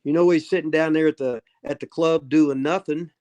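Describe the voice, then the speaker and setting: Rambling gruff older man host. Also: on the high side, fairly even intonation, normal speed, a little mellow. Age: 70s. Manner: rambling, gruff, trailing off and restarting. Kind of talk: casual livestream chat.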